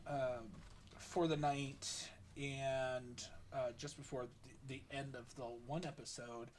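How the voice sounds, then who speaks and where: A woman running a tabletop game, chatting and narrating with many ums and pauses, laughing often. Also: a bass voice, steady tone, a little mellow, a little hiss or hum. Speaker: game master. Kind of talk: casual chat and game narration.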